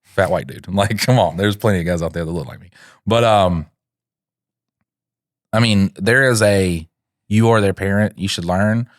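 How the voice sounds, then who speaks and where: A man co-hosting a podcast, chatting casually and telling a family story with lively acted-out quotes. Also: sits low, normal speed, long pauses, dry recording, clean studio sound. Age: adult father. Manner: animated storyteller, acts out quotes. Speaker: podcast co-host.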